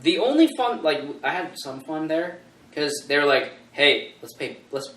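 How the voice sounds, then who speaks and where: A man's voice: on the high side, big pitch swings, normal speed. A young man co-hosting a casual podcast chat, rambling and restarting his sentences often. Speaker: podcast co-host. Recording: echoey room, mic far off.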